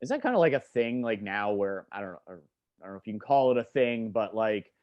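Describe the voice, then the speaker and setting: A man's voice: lowish voice, very animated, brisk, no room sound, highs cut off. Hesitant male co-host, dry sound. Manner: hesitant, rambling, trails off. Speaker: podcast co-host. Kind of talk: casual podcast conversation.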